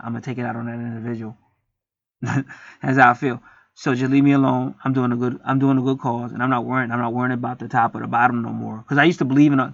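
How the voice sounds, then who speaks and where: A man's voice: medium pitch, creaky, a bit bright, no room sound. A man talking in a rambling, profane, preachy casual monologue as host of a spiritual video. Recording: dry, dull lo-fi sound.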